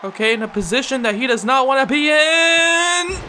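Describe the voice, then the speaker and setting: A young-adult host calling a wrestling video game, play-by-play, shouting out the big moves and laughing in disbelief. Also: high-pitched, animated, normal speed, a little hiss or hum. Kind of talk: excited play-by-play commentary.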